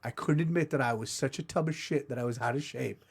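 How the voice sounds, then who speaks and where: A man's voice: mid-range voice, fast talker, gravelly, slightly rough. A man hosting a podcast, telling a story in a casual, profane, self-mocking way. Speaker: podcast host. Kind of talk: comedic storytelling.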